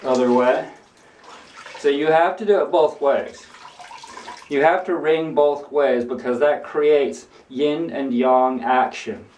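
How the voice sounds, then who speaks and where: A man's voice: medium pitch, slow, a little mellow, distant mic. A man casually rambling and preaching while he demonstrates washing laundry by hand in a bathtub, with lots of restarts. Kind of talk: casual how-to vlog. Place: bathroom, washing clothes in a tub. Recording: echoey bathroom, off-mic, running water.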